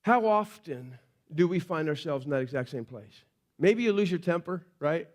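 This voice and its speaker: Male pastor, higher-pitched voice; sermon delivered like storytelling, hushed on the key lines. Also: expressive, moderate pace. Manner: conversational storytelling, drops to quiet emphasis.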